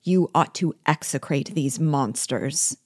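A woman's voice: low-pitched, takes it slowly, breathy edge, no room sound, studio quality, full character voice. A woman voicing a sardonic rebel general. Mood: menacing. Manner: cold, mocking and commanding.

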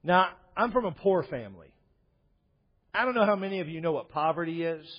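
Husky-voiced man preaching conversationally. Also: on the high side, expressive, brisk. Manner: conversational storytelling, wry asides. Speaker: pastor. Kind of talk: sermon. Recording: dull echoey hall recording.

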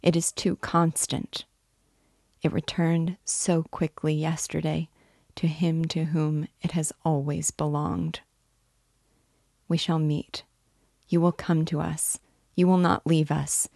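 A woman's voice: low-pitched, level tone, slow pace, gravelly, long pauses, no room sound, clean studio sound, exaggerated voice. A woman voicing a tender, pleading young woman. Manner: soft, earnest, imploring.

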